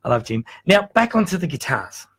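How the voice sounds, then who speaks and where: A man's voice: on the high side, big pitch swings, a little fast, a bit bright, breathy edge. A man hosting a casual radio talk show in a chatty, joking way.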